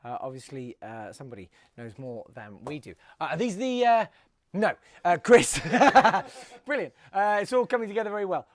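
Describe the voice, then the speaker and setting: A man's voice: on the high side, big pitch swings, normal speed, no echo. A man hosting a live comedy web show, rambling and self-mocking with mock-grand outbursts.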